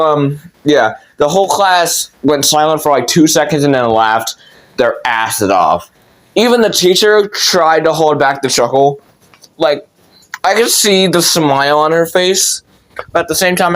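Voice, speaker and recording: Young guy, slightly high voice, casual storyteller who rambles and swears. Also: expressive, a little slow, fairly bright tone. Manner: rambling, swears a lot, many fillers.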